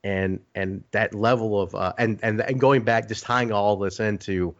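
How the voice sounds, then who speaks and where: A man chatting casually on a podcast, telling animated stories full of restarts. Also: moderate pace. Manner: animated storyteller who jumps into high mocking impressions. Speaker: podcast guest. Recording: dull lo-fi sound.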